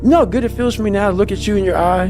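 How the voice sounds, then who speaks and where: Guesting on a podcast, a man delivers an intense motivational monologue with passion and emphasis, swearing often and pressing hard on his points. His voice is high and very fast. Faint music plays in the background.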